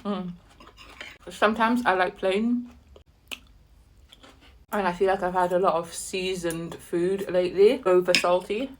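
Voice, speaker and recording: A woman telling an animated, exasperated story while eating, with sudden high-pitched outbursts and soft murmurs over her food. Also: unhurried, pauses often, slight background noise. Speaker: vlogger.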